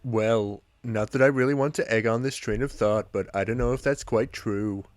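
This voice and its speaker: A man's voice: fairly low pitch, normal speed, no room sound, natural voice. A man reading an earnest, awkward teen boy. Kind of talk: comic reading of a webcomic.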